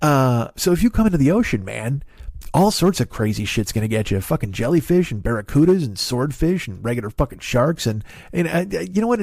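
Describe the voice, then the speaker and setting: A man's voice: medium pitch, sing-song, a little fast, vocal fry, darkish tone, no room sound. A man in his forties hosting a podcast, telling a rambling comedic story, cursing freely and cutting himself off mid-thought. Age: 40s. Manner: profane, digressive, self-interrupting. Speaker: podcast host.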